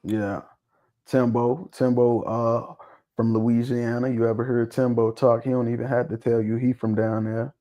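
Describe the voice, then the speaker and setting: A man's voice: medium pitch, flat delivery, normal speed, warm tone. A man hosting a livestream in a loose, joking, profane way, laughing often. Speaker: livestream host. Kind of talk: casual livestream chat.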